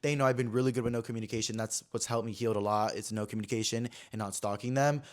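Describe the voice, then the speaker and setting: A man's voice: lowish voice, fairly even intonation, fast talker. A man in his twenties hosting a podcast, telling a personal story in a chatty, filler-heavy way that swings between dramatic and subdued. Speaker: podcast host. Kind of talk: casual storytelling chat.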